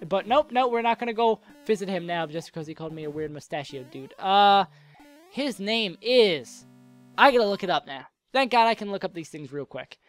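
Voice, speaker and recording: Soft music plays as a young man with a high-pitched, expressive voice talks at normal speed, fielding viewer questions mid-game. Casual and joking, he wanders off track and cuts himself off, all while fighting an oncoming cold and sore throat.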